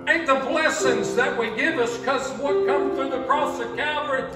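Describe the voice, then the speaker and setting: A pastor, delivering an impassioned sermon and acting out the voices of believers. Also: male voice, extremely high pitch, steady tone, normal speed, recorded from a distance, loud music behind the voice. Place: church sanctuary. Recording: echoey church sanctuary, mic from afar.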